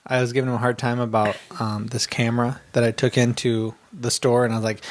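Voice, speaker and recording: A man co-hosting a podcast in casual chat, animated and acting out quoted thoughts, with frequent restarts. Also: mid-range voice, quick pace. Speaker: podcast co-host.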